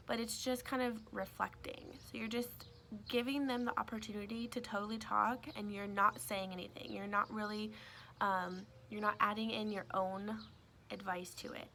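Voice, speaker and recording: A woman's voice: mid-range voice, vocal fry, bright, forceful tone, a little hiss or hum. A woman teacher giving a casual, chatty lesson outdoors by a greenhouse, with frequent fillers and "right?" tag questions.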